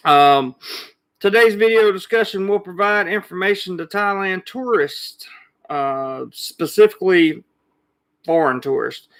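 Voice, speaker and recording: Male livestream host, slightly high, gravelly voice, chatty and loose. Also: a little slow, a bit bright. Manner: greets viewers by name, chatty. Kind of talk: casual live chat. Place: Thailand.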